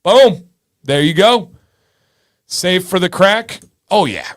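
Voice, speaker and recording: A man's voice: high voice, expressive, takes it slowly. A man in his thirties hosting a casual livestream, joking with viewers and breaking into bits of song. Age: 30s. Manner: jokey, sings snatches of songs, chats with viewers. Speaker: livestream host.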